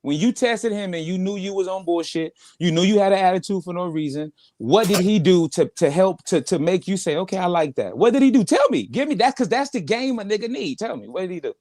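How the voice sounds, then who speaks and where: A man's voice: high voice, lively intonation, a little fast, few pauses, darkish tone, no echo. A man on a live stream panel, pushy and slangy, demanding answers.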